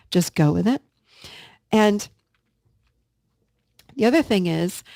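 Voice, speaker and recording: A woman podcast host speaks in an earnest, encouraging way, addressing her listeners directly. Her mid-range voice carries a gravelly vocal fry. The recording is close and dry, with no room sound. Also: medium pitch, darkish tone, dry recording. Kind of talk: casual self-help podcast talk.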